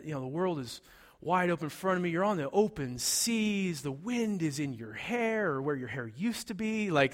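A man's voice: on the high side, fairly bright tone, in a large hall. A man preaching a sermon, telling a story in a conversational way and acting out the quoted lines. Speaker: pastor.

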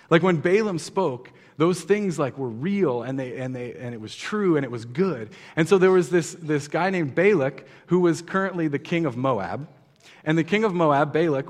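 Male pastor, casual teaching sermon, slightly high voice, chatty with restarts, reverberant hall. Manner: conversational, many fillers and restarts, asks the audience questions.

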